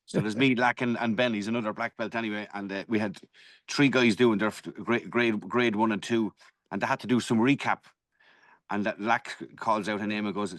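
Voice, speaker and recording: Fast-talking Irish man, dry close sound. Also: on the low side, fairly even intonation, fairly bright tone, no room sound. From Ireland. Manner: swears freely, tells stories with energy. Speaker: podcast co-host, martial arts black belt. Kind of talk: casual chat.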